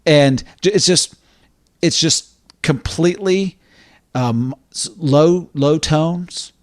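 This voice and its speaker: A man's voice: a little high, slow, dry recording, studio quality. A man co-hosting a podcast in casual chat, thinking aloud and sometimes acting out lines in character. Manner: thoughtful, acts out lines in character. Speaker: podcast co-host.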